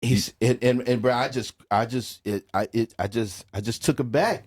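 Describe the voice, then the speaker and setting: A man's voice: mid-range voice, normal speed, breathy edge. A middle-aged man from New Orleans, a music producer guest on a podcast, telling a personal story in casual talk and acting out the quoted dialogue. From New Orleans, USA. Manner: animated storyteller who acts out quoted dialogue, peppered with "bro" and "man".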